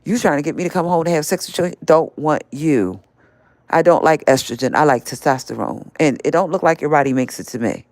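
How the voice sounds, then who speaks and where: A woman's voice: deep voice, fast talker, few pauses, a little mellow, no room sound. An older woman hosting a live stream, scolding and confronting someone directly in a heated rant.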